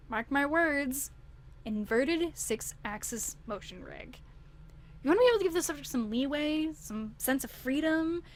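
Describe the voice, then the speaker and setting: A woman reading aloud as a confident young woman engineer handing out technical advice. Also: high-pitched.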